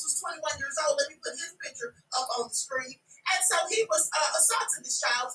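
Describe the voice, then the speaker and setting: A woman hosting a podcast, giving casual news commentary in an animated way and often dropping to a loud whisper. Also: high-pitched, recorded from a distance. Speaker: podcast host. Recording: echoey room, away from mic.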